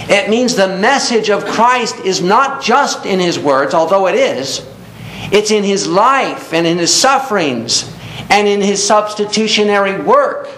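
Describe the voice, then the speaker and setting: A man preaching a sermon in earnest tones, reading scripture aloud and explaining it to a congregation. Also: a bit bright. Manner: earnest, reads scripture aloud in King James wording. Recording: echoey room with faint rumble.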